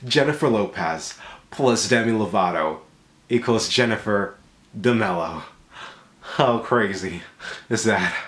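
Animated young man hamming up comments. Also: lowish voice, a little slow, pauses often, echoey room, a little hiss or hum. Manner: animated, swings between voices, sassy and exaggerated. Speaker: vlogger reading comments. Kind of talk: comedic comment-reading vlog.

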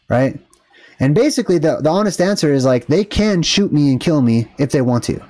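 A man's voice: a little high, lively intonation, brisk, darkish tone. A man vlogging, telling a story in an indignant, rambling rant full of fillers and asides. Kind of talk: casual ranting storytelling.

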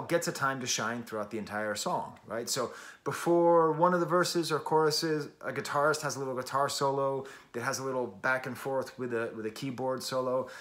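A man's voice: medium pitch, fairly bright tone. Chatty enthusiastic man reviewing an album. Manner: enthusiastic, chatty, self-deprecating, frequent "like" and restarts. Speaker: music review host. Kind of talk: casual music review to camera.

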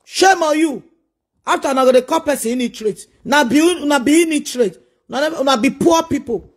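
This social media commentator speaks fast in a very high voice. With a Nigerian accent, he delivers a preachy, scolding monologue that keeps circling back to rhetorical questions.

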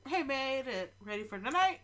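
A man's voice: very high-pitched, big pitch swings, moderate pace, a bit bright, slight background noise, full character voice. A woman voicing an easygoing adult male punk dad with a stuffed-up voice, over faint game music. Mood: upbeat.

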